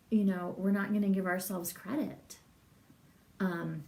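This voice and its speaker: A woman's voice: medium pitch, creaky, mellow, reverberant, far from the mic. A middle-aged woman, a massage business coach, talking in a casual, rambling livestream and reading out viewer comments. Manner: chatty, rambling, laughs often, reads viewer comments.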